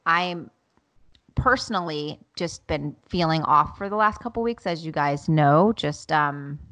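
A woman's voice: deep voice, measured pace. A woman in her thirties co-hosting a casual podcast, telling stories with animation and frequent laughter. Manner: animated storyteller, laughs often, acts out quotes. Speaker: podcast co-host. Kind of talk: casual chat.

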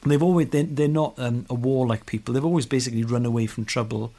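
A man's voice: mid-range voice, steady tone, quick pace, warm tone. A man co-hosting a podcast, telling stories in a casual, enthusiastic way and laughing often. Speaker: podcast co-host. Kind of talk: casual chat.

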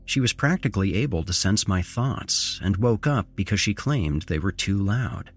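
A man narrating a first-person horror story as a podcast host, with measured pacing and dramatic shifts in intonation. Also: on the low side, expressive, breathy edge, faint music behind.

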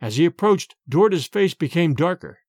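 Expressive male audiobook narrator. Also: on the high side, slightly rough, no room sound, clean studio sound. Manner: measured, storytelling. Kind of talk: scripted first-person narration.

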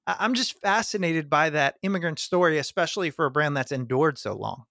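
A man's voice: a little high, brisk, vocal fry, pushed and bright, dry recording, studio quality. A man hosting a podcast, asking the guest thoughtful, curious questions. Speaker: podcast host, interviewer. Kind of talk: interview questions.

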